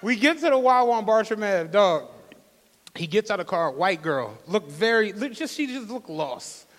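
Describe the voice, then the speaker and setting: A man, co-hosting a live podcast and telling animated, laughing stories before an audience. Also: high-pitched, moderate pace. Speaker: podcast co-host. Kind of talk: casual storytelling on a live podcast. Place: studio venue with a live audience. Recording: long reverb of a live venue.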